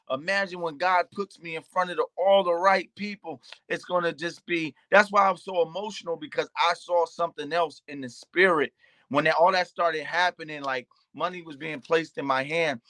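Guy pastor type telling his story, earnest and repeating himself, bright fairly high voice, dry sound. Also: no echo. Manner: earnest, repeats words, breaks into quoted asides. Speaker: pastor and youth nonprofit founder. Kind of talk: emotional personal storytelling.

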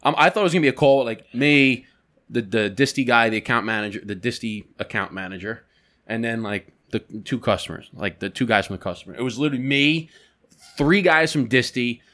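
A man talks quickly on a casual podcast and tells a long work story. He acts out the people he quotes, his voice jumping up for the angry ones. He swears freely and keeps the chat loose. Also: medium pitch, a bit bright. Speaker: podcast co-host.

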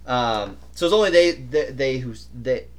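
A young adult man telling stories in casual podcast chat, animated and imitating other people's voices. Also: mid-range voice, moderate pace, a little hiss or hum. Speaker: podcast co-host.

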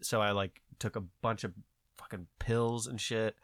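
A man's voice: lowish voice, normal speed, no echo, clean studio sound. Nasal man rambling in casual chat. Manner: rambling, profane, animated storytelling. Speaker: podcast host.

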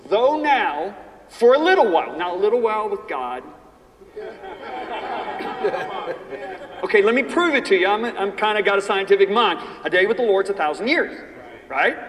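A man in his fifties teaching a class in a sermon style, telling personal stories and reading scripture slowly and emphatically. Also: high-pitched. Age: 50s. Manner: animated storytelling, reads scripture slowly and emphatically. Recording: echoey hall from far off, faint ambience.

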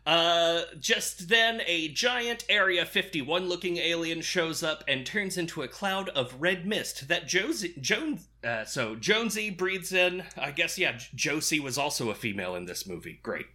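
A man's voice: a little high, lively intonation, a little slow, few pauses, pushed and bright. A man recapping a movie plot in casual, crude, sarcastic podcast chat. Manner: sarcastic, crude, laughing often.

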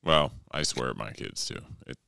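Very deep, bright-toned man in a dry room. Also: expressive, moderate pace, gravelly, no room sound. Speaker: podcast host. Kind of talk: casual podcast chat.

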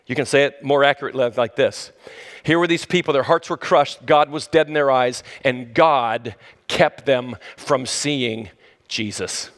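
A man preaching a sermon who talks straight to his listeners and swings between loud, high exclamations and low, hushed lines. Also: unhurried. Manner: conversational, addresses the listeners directly. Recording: long reverb of a large hall.

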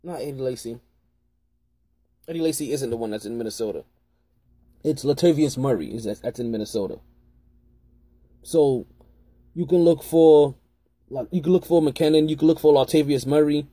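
A man's voice: mid-range voice, normal speed, long pauses, dark tone, breathy edge, no room sound. A man hosting a fantasy football podcast in a casual, rambling way, often repeating and correcting himself. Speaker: podcast host.

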